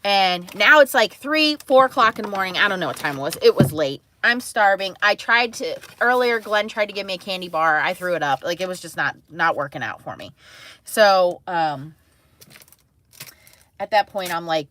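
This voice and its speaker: Bright-voiced chatty woman storyteller. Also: on the low side, animated, normal speed, slight background noise. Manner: chatty, rambling, full of "like" and "um"; laughs at herself. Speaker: mother streaming to live chat. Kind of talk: casual storytelling to a live chat.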